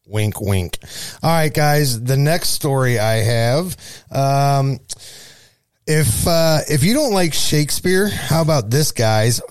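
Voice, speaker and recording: A man with a St. Louis accent co-hosting a casual local news chat, joking and lively with playful asides. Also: mid-range voice, no room sound. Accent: St. Louis, Missouri. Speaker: show co-host.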